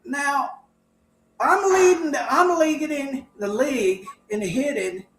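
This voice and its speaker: A man's voice: very high-pitched, takes it slowly, fairly bright tone, soft background music. Older man telling rambling anecdotes. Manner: rambling anecdotes, chuckles often. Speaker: guest, former baseball player. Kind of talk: casual storytelling. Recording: echoey room.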